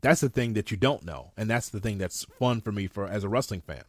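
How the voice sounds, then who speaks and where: A man's voice: lowish voice, brisk, no room sound, clean studio sound. Rambling, enthusiastic male podcast co-host. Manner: enthusiastic, rambling, restarts often. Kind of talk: casual wrestling talk.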